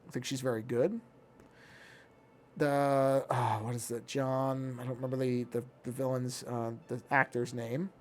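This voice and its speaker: A man's voice: mid-range voice, little pitch movement, a little slow, darkish tone. A man streaming while he draws, chatting casually, musing aloud and often restarting his sentences. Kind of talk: casual talk while drawing.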